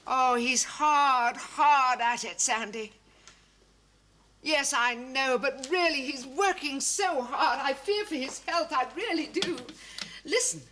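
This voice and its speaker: An actress playing a flustered, chatty middle-aged wife in a 1970s British TV comedy. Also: female voice, high-pitched, slow, pushed and bright, heavily acted. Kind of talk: 1970s British TV sitcom acting. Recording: old TV sound with faint hiss.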